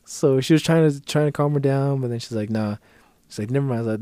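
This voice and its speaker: A man's voice: mid-range voice, fast, dark tone, smooth, no echo. A man co-hosting a podcast, telling a story in casual profane chat and acting out the people he quotes in a raised voice. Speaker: podcast co-host.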